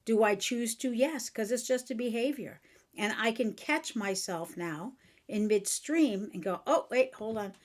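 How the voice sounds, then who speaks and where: A woman host giving a motivational self-help talk in a somewhat high voice. She speaks earnestly and frankly. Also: a little slow. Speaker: podcast host and author.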